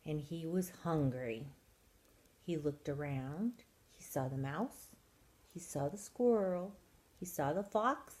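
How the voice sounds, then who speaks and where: A woman reads a picture book aloud for children, unhurried and expressive. Her voice sits on the low side, and she stretches gentle words out slowly. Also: slight background noise, rough recording. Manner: expressive, drawing out soft words. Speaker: storytime reader.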